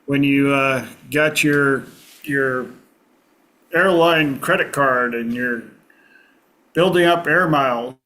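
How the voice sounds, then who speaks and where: A man hosting a casual group discussion, talking in a reflective way and pausing often to find his words. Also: medium pitch, sharp tone. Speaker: host.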